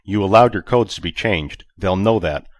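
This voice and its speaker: A man voicing a brash, exasperated male starship captain who talks loudly and pushily. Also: low voice, normal speed, dry recording, clean studio sound, lightly acted. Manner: loud, pushy and exasperated.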